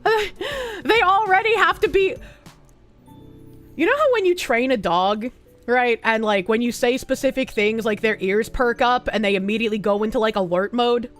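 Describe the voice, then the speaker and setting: A woman streamer chatting casually and reading chat aloud, giggly and animated, with a slightly rough throat. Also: on the high side, normal speed, soft background music.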